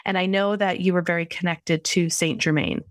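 A woman asks a guest questions in a gentle, hesitant way, pausing on fillers. Her voice sits a little low and the sound is dry, with no room in it. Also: steady tone, no echo. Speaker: interviewer. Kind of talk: interview questions.

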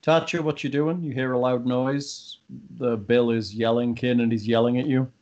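A man's voice: mid-range voice, steady tone, moderate pace, muffled recording, background noise. A man as game master, describing the scene and questioning the players in a tabletop game.

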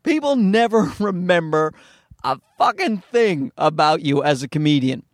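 Newfoundland-accented comic, nasal and rambling. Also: male voice, animated, unhurried, no echo, clean studio sound. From Newfoundland, Canada. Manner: rambling, self-deprecating, swears freely, mimics people in higher voices. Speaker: stand-up comedian hosting a podcast. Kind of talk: casual comedic monologue. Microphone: podcast microphone.

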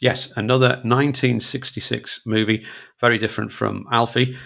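Gravelly man chatting about films. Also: medium pitch, level tone, moderate pace, a bit bright. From northeast England. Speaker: film reviewer guest. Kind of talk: casual radio chat.

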